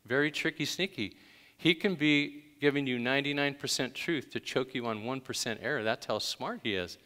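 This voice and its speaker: A man's voice: medium pitch, moderate pace, sharp tone, in a large hall. A man preaching a sermon in a conversational way, with sudden emphatic bursts. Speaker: pastor.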